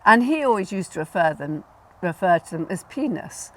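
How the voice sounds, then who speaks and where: A woman hosting a casual chat about plant names, instructive and quick to laugh, repeating words to stress them. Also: mid-range voice, very animated, a bit bright. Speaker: garden designer and host.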